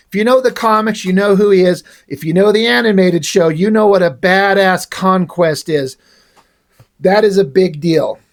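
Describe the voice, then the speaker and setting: A man casually retelling the plot of a comic issue, reading its dialogue aloud in his own voice with only small shifts for the characters. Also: high-pitched. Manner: reads dialogue aloud with little character voicing. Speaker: comic book reviewer.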